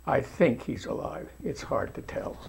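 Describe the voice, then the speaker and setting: A man's voice: medium pitch, expressive, a little slow, vocal fry, darkish tone, a little hiss or hum. An older man giving folksy, informal video commentary, talking straight to his viewers as friends. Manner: folksy, addresses viewers as friends, frequent restarts.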